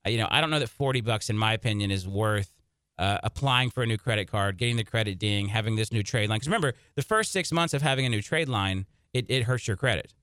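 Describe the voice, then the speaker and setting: A man hosting a personal finance radio show, giving emphatic, energetic advice. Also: lowish voice, fast, smooth, no room sound, studio quality.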